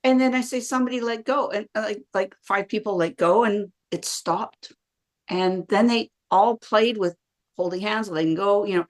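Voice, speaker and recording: A middle-aged woman, a podcast guest, telling stories and explaining ideas in casual conversation, acting out quoted dialogue. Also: mid-range voice. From Canada. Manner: lively, acts out quoted dialogue. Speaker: podcast guest, bioenergetics practitioner. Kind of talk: casual interview storytelling.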